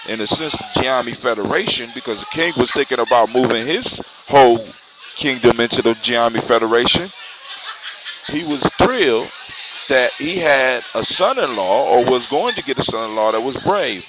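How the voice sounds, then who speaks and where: A man tells a folktale aloud, relaxed and unscripted, restarting phrases as he goes. His voice sits at a middle pitch. A steady hiss is heard under the recording. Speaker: storyteller. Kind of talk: oral folktale narration. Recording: clear background hiss.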